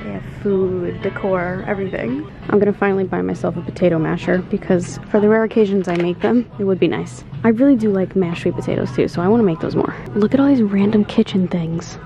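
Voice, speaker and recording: A woman vlogging in a casual, chatty way, bubbly and easily excited as she talks through her shopping and cooking. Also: medium pitch, fast talker, gravelly, dull audio. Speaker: lifestyle vlogger. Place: shops, car and home kitchen. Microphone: camera mic, handheld then tripod.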